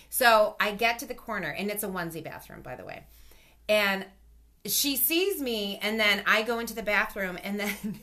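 A woman in her thirties telling a casual story in a chat, animated and swearing, acting out the voices of the people in it. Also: medium pitch.

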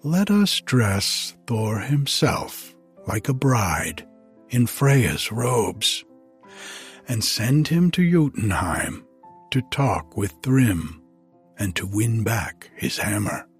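A man voicing a wise watchman god who calmly lays out a plan, slowly, in a storybook reading. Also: fairly low pitch, slightly rough, faint music behind, heavily acted.

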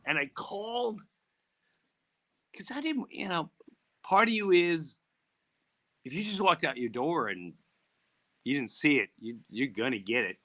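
Bright animated man telling stories. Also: fairly high pitch, unhurried, long pauses. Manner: animated, acts out quoted voices. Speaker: podcast host. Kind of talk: casual storytelling.

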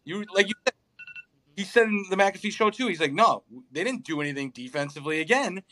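A man's voice: high-pitched, animated, brisk, pushed and bright. A young man co-hosting a casual sports chat, ranting in an exasperated way and swearing often. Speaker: podcast co-host.

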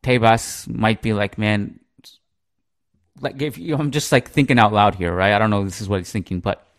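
A man hosting a podcast, speaking with a fairly low voice that sounds close and dry. He talks at length in a loose, rambling way, leaning on "like" and "you know" as he thinks aloud. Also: fairly even intonation, fairly quick, dry recording. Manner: talkative, rambling, heavy use of "like" and "you know". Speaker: podcast host. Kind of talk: casual chat.

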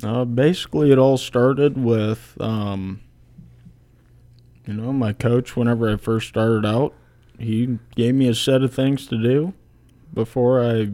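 A young man in his twenties speaks at an unhurried, drawn-out pace, relaxed and plainspoken. He is a college kicker chatting casually as a podcast guest, leaning on fillers as he thinks aloud. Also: medium pitch. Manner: laid-back, plainspoken, many fillers.

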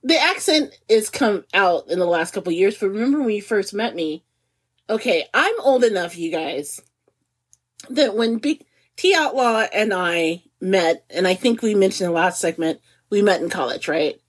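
A woman in her forties chats on a podcast with a slightly husky, breathy tone. Her pitch swings widely as she jokes. She laughs easily and speaks with no regional accent. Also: moderate pace. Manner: animated and giggly, laughs often. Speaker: podcast co-host. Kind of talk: casual chat.

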